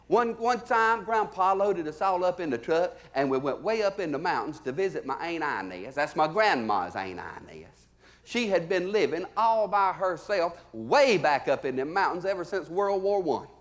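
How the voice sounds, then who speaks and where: A male stand-up comedian with a Southern US accent, telling folksy stories in a drawl and swinging between loud punchlines and low asides, recorded on a theater stage. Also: big pitch swings, moderate pace. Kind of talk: live stand-up storytelling.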